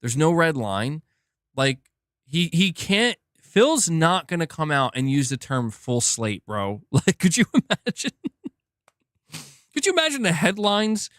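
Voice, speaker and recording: A man on a gaming live stream talks in a loose, slangy way, laughing and tripping over his own restarts. His voice sits a little high for a man. The sound is dry and close, as if from a desk mic in a small home setup. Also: sing-song, measured pace, fairly bright tone, dry recording. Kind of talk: casual live-stream chat.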